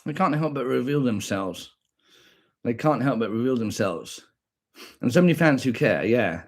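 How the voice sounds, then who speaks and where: A man's voice: mid-range voice, lively intonation, moderate pace. A young British man with a combative, profane manner, ranting back at viewers on a stream and repeating his points.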